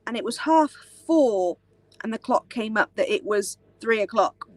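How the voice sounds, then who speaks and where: A woman's voice: a little high, lively intonation, unhurried, no echo. A young British woman chatting casually on a live stream, rambling with many fillers. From Britain. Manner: rambling, many ums and likes. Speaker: live chat host.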